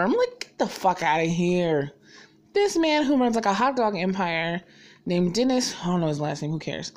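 A young woman vlogging in casual chat, blunt and animated, swearing freely and filling her talk with "like". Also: fairly high pitch.

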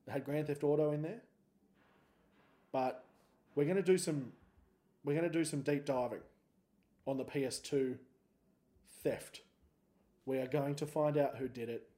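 A man's voice: fairly high pitch, steady tone, measured pace, pauses often, dark tone. A man in his thirties with an Australian accent, hosting a solo podcast and telling a story in a laid-back, joking, rambling way. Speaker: podcast host.

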